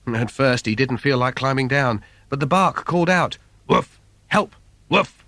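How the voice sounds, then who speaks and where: A man's voice: mid-range voice, normal speed, fairly bright tone, no room sound. A man reading a comic fairy tale for children in a playful, sing-song storyteller manner. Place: recording studio. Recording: dry studio recording.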